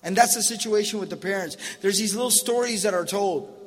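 A man in his thirties gives a sermon in a high voice for a man, telling stories casually with slangy asides. A long hall reverb trails behind each phrase. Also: brisk. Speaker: preacher.

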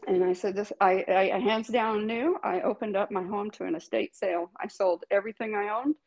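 Guest voice: middle-aged woman, mid-pitched, emphatic storyteller who swears casually and laughs a lot. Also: steady tone, brisk, vocal fry, darkish tone, rough recording. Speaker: guest, tattoo artist. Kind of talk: candid storytelling interview.

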